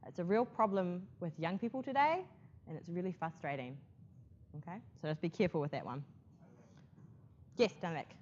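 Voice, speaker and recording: A woman's voice: on the low side, lively intonation, normal speed, pauses often, darkish tone, a little hiss or hum. A woman teaching a class about presentation skills, chatty, checking in often with "okay?". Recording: muffled classroom recording.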